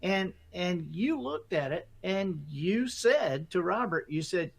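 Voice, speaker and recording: A middle-aged man telling a story as a guest author, lively and acting out his own inner voices. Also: high-pitched, slow pace, vocal fry, few pauses, slightly rough. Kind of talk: animated storytelling.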